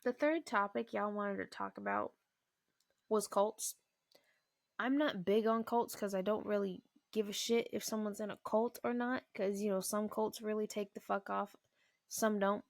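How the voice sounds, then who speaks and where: A young woman vlogger tells a story in a blunt, profane rant with a gravelly, fry-laced voice. The sound is dry and close, with no room around it. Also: mid-range voice, moderate pace, no echo. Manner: blunt, profane, animated retelling.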